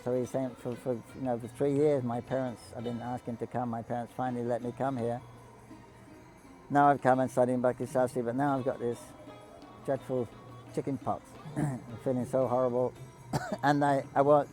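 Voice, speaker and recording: A man casually telling devotional stories to a group, halting often with restarts, coughs and throat clearing. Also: medium pitch, flat delivery, warm tone, soft background music, low-quality recording. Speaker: storyteller speaking to pilgrims.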